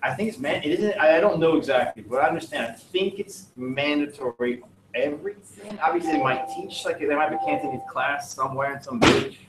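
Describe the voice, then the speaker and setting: A man's voice: a little high, brisk, heavy background noise. A male teacher reading student work aloud to his class and giving feedback, with joking, wry asides. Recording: echoey classroom, distant mic.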